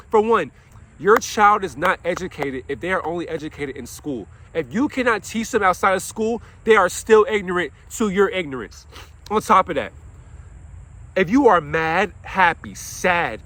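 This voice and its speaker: A young man who works as an after-school counselor gives a fired-up monologue in a high, sharp voice. He preaches and vents with plenty of swearing, posing questions to himself and then answering them.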